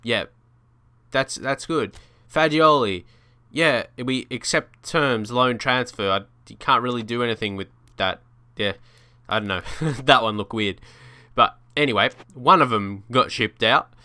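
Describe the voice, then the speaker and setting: A young man talks through a football game in casual let's-play style, rambling and chuckling as he thinks aloud. His voice is bright and crisp, with a forward edge. The recording is close and dry, with no room around it. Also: mid-range voice, a little slow, dry recording. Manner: chatty, thinks aloud, frequent restarts and laughs. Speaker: gaming video creator.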